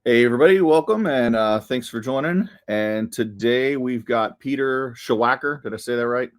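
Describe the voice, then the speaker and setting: A man's voice: mid-range voice, moderate pace, clean tone. A man hosting a podcast interview, asking long, chatty questions with many fillers. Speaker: podcast host.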